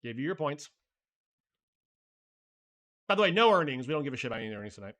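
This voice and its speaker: A man's voice: mid-range voice, big pitch swings, quick pace, fairly bright tone. A man hosting a live stream, chatting loosely and thinking aloud while answering viewer messages, with casual swearing. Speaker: livestream host.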